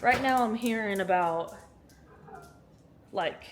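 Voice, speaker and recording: A woman's voice: medium pitch, slow, a little hiss or hum. A woman vlogging casually at home, chatty and joking, laughing often and swearing casually, recorded on a handheld phone. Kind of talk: casual vlog chat. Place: at home during a storm.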